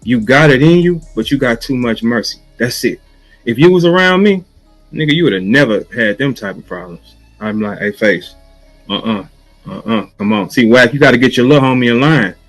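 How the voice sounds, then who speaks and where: A man from St. Louis, a battle rapper, in a heated rant full of swearing, taunting his target and mimicking a flat chant. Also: medium pitch, a little fast, soft background music, low-quality recording. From St. Louis, USA.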